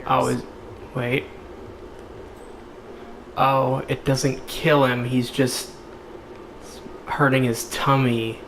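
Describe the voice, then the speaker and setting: Goofy slow-talking gamer man. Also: mid-range voice, flat delivery, a bit bright, reverberant, a little hiss or hum. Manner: goofy, joking, puts on silly voices. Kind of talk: let's play commentary.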